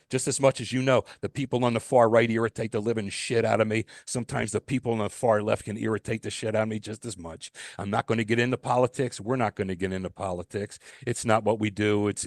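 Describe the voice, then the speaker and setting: A man's voice: fairly low pitch, no echo, clean studio sound. A man co-hosting a podcast, talking in an emphatic, ranting way with many restarts. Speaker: podcast co-host. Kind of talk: casual podcast chat.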